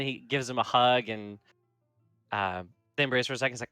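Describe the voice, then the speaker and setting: A man's voice: fairly low pitch, pushed and bright, clean tone, no room sound. Male game master, rambling narration, dry close sound, faint music behind. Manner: rambling, full of fillers like "like" and "kinda"; shifts into quick voiced quotes for characters.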